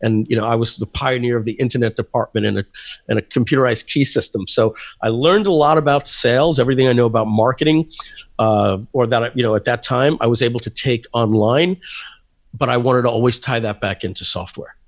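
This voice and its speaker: A man telling stories as a podcast guest, lively, and acting out the people in them. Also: medium pitch, brisk. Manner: animated storyteller, acting out voices. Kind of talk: casual storytelling interview.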